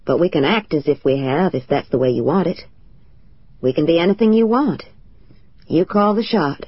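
A woman narrator voicing a calm, gentle grown man who talks in a steady, reassuring way. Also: on the high side, normal speed, breathy edge, dry recording, highs cut off.

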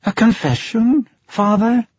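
A man's voice: sits high, lively intonation, slow, slightly rough, no echo, pitched above the performer's own voice, heavily acted. A man reading an audiobook, voicing a blind young woman who is loving and trusting, in a fervent, eager way. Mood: bewildered. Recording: dull lo-fi sound.

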